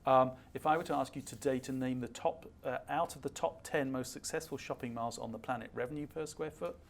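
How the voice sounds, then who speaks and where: A man's voice: medium pitch, fairly even intonation, a little fast, vocal fry, slight background noise. An older man, a guest speaker at a fireside chat, telling stories emphatically and acting out the dialogue.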